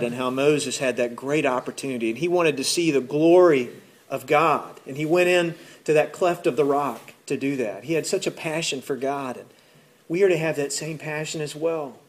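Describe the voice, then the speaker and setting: Conversational male pastor preaching. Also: a little high. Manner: conversational, often repeats words as he goes; acts out listeners' voices in his retelling. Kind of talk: sermon.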